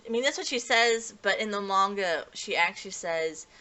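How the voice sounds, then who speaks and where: A woman's voice: medium pitch, expressive, normal speed, pushed and bright, clear, resonant tone. A woman giving a casual, rambling episode review, restarting sentences often and laughing lightly. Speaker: anime reviewer.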